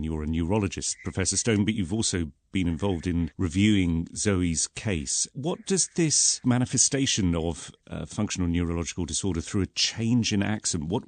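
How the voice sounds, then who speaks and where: A man's voice: low-pitched, dry recording. A man presenting a radio interview, asking hesitant, searching questions with many restarts.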